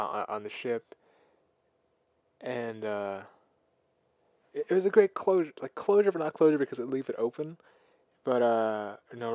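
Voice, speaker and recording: Rambling man excitedly retelling a movie. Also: mid-range voice, no echo, highs cut off. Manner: rambling, filler-heavy, excited plot retelling. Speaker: movie reviewer. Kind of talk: casual spoken film review.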